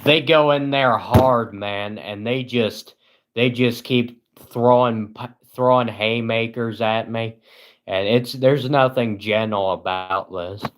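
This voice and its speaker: A man chatting casually on a live stream, reading his chat and answering in a sarcastic, deadpan way, rambling with lots of "uh"s. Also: mid-range voice, slow pace. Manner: rambling, with frequent filler "uh".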